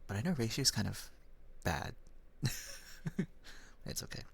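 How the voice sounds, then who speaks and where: A young man from the Philippines chatting with his chat in a soft, whispered role-play style, giggling often. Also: medium pitch, very animated, slow, vocal fry, husky. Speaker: streamer.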